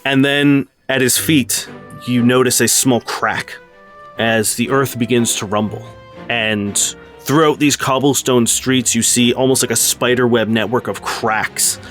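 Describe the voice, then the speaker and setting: A relaxed man narrates a tabletop game as its master, rambling easily with plenty of fillers. His voice sits at a middle pitch, and soft music plays behind him. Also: measured pace. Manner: casual, loose narration with many fillers.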